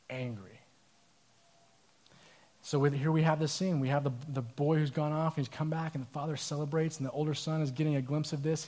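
A male pastor preaching a sermon in a casual, animated storytelling manner with asides. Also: a little high.

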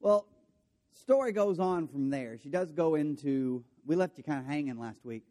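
A man delivers a sermon in a relaxed, joking way, slipping into quick voices for each character as he retells the story. His voice sits somewhat high for a man. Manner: storytelling, voicing characters with jokey asides. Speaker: pastor.

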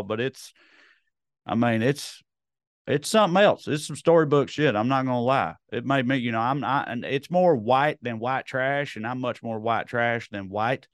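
A man's voice: mid-range voice, clear, resonant tone, no room sound, studio quality. A man hosting a podcast alone, chatting casually in a rambling, joking, self-deprecating way into a podcast microphone. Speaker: podcast host. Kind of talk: solo casual podcast chat.

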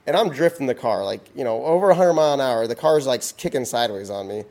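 A man's voice: mid-range voice, animated, fast talker, gravelly, a little mellow. A man, a podcast guest, tells a long story casually, full of restarts and "you know"s.

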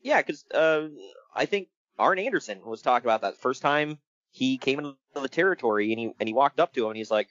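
A man's voice: medium pitch, quick pace, dry recording, highs cut off. A man co-hosting a casual podcast, telling stories with a lot of laughter. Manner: laughing often, animated storytelling. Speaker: podcast co-host reviewing wrestling. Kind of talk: casual chat.

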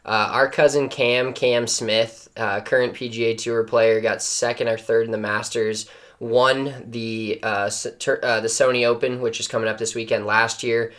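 A man's voice: medium pitch, flat delivery, moderate pace, fairly bright tone. A man co-hosting a casual golf podcast over a video call, enthusiastic and rambling, swearing freely. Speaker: podcast co-host. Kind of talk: casual sports chat.

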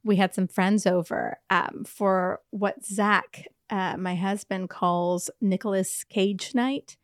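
A woman's voice: medium pitch, fairly even intonation, takes it slowly, no room sound, clean studio sound. Chatty, rambling woman podcast co-host. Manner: chatty rambling storyteller, swears freely. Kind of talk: casual chat.

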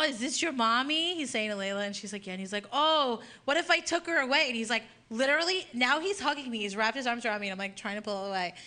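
A woman, hosting a casual chat and telling stories with acted-out voices. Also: a little high. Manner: animated storytelling, acts out voices. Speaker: host.

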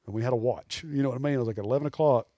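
A man, telling animated, rambling hunting stories as a podcast guest. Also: mid-range voice, rapid-fire, no echo, highs cut off. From Alabama. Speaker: guest taxidermist. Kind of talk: casual storytelling in a podcast interview.

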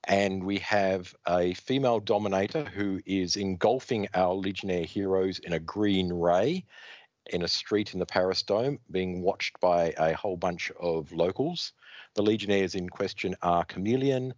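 A man hosting a casual comic book podcast, reading out credits and panels in an animated storytelling manner, with a dull, dry recording sound. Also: low-pitched, unhurried, dry recording. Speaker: podcast host.

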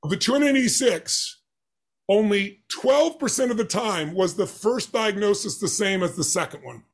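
A man's voice: sits high, expressive, normal speed, husky. A man who is an interview guest, telling a personal story with animation and acting out the dialogue with emphatic voices.

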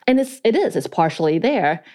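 A woman's voice: on the low side, very animated, fairly quick, a little mellow. A woman co-hosting a podcast, talking in a reflective, analytical, self-questioning way in casual chat. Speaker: podcast co-host.

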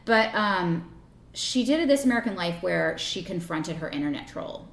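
A woman in her thirties casually telling stories, often trailing off softly. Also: fairly low pitch, expressive, normal speed, roomy sound. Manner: chatty storytelling, trails off softly. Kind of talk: casual chat.

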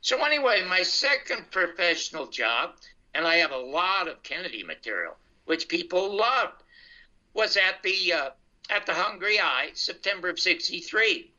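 Older male storyteller, very bright and fairly high voice, lo-fi sound. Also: moderate pace. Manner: animated anecdotal, acts out dialogue. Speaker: comedian telling his life story. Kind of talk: casual storytelling. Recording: dull lo-fi sound.

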